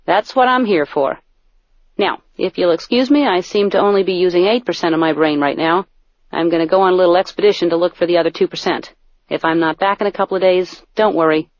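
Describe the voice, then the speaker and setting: A middle-aged woman reading her own comic audiobook in a deadpan, self-mocking way, close to the mic. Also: on the low side, brisk, no echo. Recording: dull, dry studio recording.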